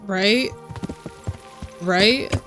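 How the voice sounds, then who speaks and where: Woman streamer, animated casual storyteller, loud game music underneath. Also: mid-range voice, extremely slow. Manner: animated storyteller, quotes people in her own voice. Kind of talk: casual chat while gaming.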